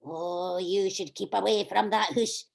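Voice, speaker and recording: Woman voicing a gravelly scrubbing lady. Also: medium pitch, fairly even intonation, measured pace, pitched below the performer's own voice. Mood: ominous gossip. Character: gruff Scottish scrubbing lady, older, gossipy.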